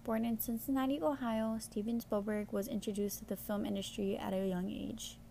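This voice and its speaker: A woman's voice: mid-range voice, fairly even intonation, normal speed, vocal fry, mellow, a little hiss or hum. A young woman hosting a podcast, reading a friendly, informative script. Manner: read-aloud, friendly, informative. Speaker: podcast host.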